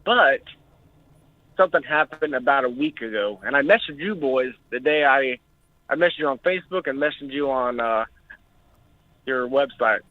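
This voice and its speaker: A man's voice: medium pitch, expressive, moderate pace, long pauses, no room sound. A young man calling in to a talk show, telling his story in an emotional, jittery way and swearing often. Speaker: caller. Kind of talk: recounting an experience on a call-in show. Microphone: phone. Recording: tinny phone line.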